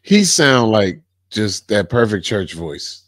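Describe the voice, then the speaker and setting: A man's voice: lowish voice, big pitch swings, slow, a bit bright, no echo, studio quality. A man hosting a music reaction video, talking casually in slang, emphatic and often repeating himself.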